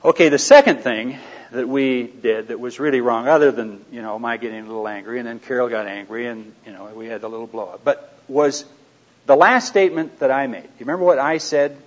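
A man teaching a live audience in a conversational way, asking them questions and dropping into quiet asides. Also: mid-range voice, brisk. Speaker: seminar speaker. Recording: dull lo-fi recording.

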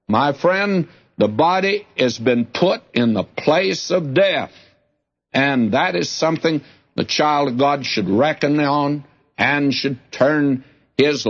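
A man teaches scripture in an earnest, direct voice that sits a little higher than most. He reads each verse aloud and then explains it. The sound is dull and lo-fi, like an old broadcast tape. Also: slightly rough. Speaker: Bible teacher. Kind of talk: radio Bible teaching.

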